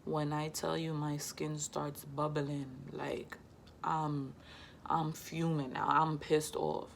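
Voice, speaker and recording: Low-voiced young woman, heated storytime. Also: slow, vocal fry, a little hiss or hum. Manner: slangy, heated, lively retelling. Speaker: vlogger. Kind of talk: casual storytime.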